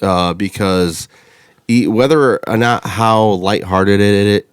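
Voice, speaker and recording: A man's voice: on the low side, slow, clear, resonant tone, no room sound, clean studio sound. A man hosting a podcast in casual chat, talking loosely and crudely with plenty of swearing. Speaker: podcast host.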